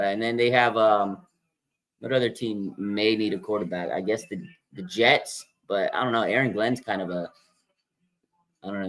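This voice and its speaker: A man hosting a live sports draft stream, excitable and rambling, repeating himself and laughing as picks come in. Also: lowish voice. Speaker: livestream host. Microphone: streaming microphone.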